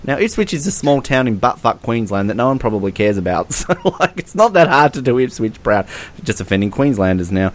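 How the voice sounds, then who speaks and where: A man's voice: medium pitch, sing-song, fairly quick. A young man co-hosting a casual podcast, laughing often and mocking the fan messages he reads aloud. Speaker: podcast co-host. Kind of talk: casual chat.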